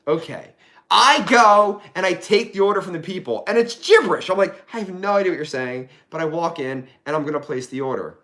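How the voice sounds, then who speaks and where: Man telling a story, lively swinging pitch, bright tone, profane and animated, casual podcast guest. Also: brisk. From Pennsylvania.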